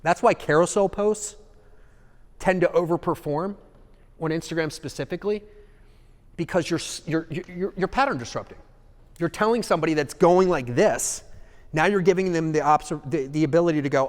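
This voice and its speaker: Fairly high-voiced guy running a seminar, animated, acts stuff out, long hall echo. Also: moderate pace. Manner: animated, acts out examples, asks the audience "okay?". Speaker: seminar speaker. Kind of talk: live seminar talk.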